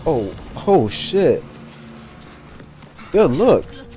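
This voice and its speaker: A man's voice: fairly high pitch, very animated, drawn-out words, warm tone, faint music behind. Laid-back man cursing through a movie reaction. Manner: loose, profane slang, laughs often. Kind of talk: casual movie reaction commentary.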